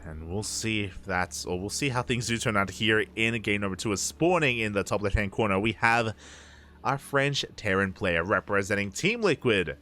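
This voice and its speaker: Bright-voiced Australian esports caster. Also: male voice, on the low side, lively intonation, normal speed, slight background noise. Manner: chatty, laughs often, loose asides between play-by-play. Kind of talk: live esports commentary.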